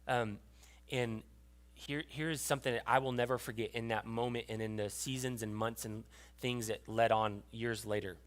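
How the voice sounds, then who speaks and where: A young adult man preaches from his own life in a loose, storytelling way, full of fillers and restarts. His voice sits at a middle pitch for a man. At tender moments he grows quiet and hushed. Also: steady tone, normal speed. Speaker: pastor. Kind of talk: sermon.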